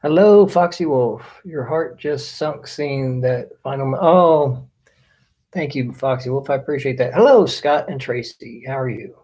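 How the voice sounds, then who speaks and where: A man's voice: mid-range voice, measured pace, a little mellow. A man hosting a casual live stream, greeting viewers by name as they join. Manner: friendly, reads out viewer names one by one.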